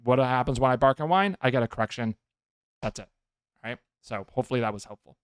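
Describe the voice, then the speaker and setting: A man's voice: medium pitch, fast, smooth, no room sound, studio quality. A man who trains dogs, hosting a podcast and giving emphatic advice, often checking in with listeners. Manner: emphatic, keeps checking in with "okay?". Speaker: dog trainer, podcast host. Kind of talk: casual advice talk.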